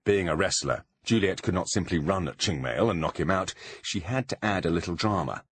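A man narrating a storybook audiobook in an animated, dramatic reading. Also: sits low, a little fast, a little hiss or hum.

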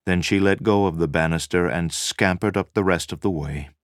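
A man reading a novel aloud as narrator, measured and dramatic. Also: low voice, no room sound, clean studio sound. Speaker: audiobook narrator. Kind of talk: scripted narration.

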